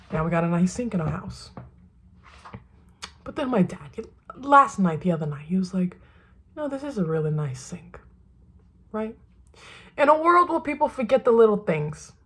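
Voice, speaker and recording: A woman's voice: mid-range voice, sing-song, normal speed, pauses often, slightly rough. A young woman vlogging from her bathroom in a put-on Southern US accent, chatty and emphatic, swearing freely and often asking "right?". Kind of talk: casual advice monologue. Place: bathroom at home.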